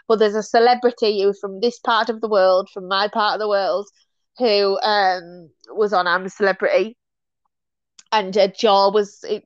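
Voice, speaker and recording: A woman's voice: medium pitch, no echo. A woman, a guest in a casual conversation, telling stories with frequent laughs and restarted phrases. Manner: chatty, animated storyteller who laughs often and restarts phrases. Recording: dull, dry lo-fi sound.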